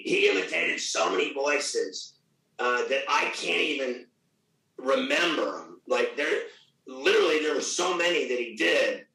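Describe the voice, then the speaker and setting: A middle-aged man with a gravelly voice, talking loudly, boastfully and with a lot of swearing in a casual interview. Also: mid-range voice, far from the mic. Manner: loud, profane, boastful. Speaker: radio host guest. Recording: echoey room, off mic.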